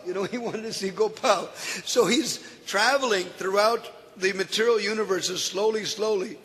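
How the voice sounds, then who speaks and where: A man teaching from scripture and telling stories in an animated way, often laughing as he explains. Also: sits high, moderate pace. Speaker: spiritual teacher. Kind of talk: scripture lecture with storytelling. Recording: echoey hall.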